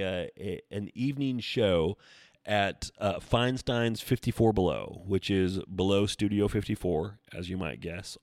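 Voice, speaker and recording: A man with a deep, low voice hosts a solo fitness podcast, talking loosely and wandering from point to point. He jokes at his own expense. The sound is dry and close, with no room around it. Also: dry recording. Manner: rambling, joking and self-deprecating. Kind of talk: casual solo podcast chat.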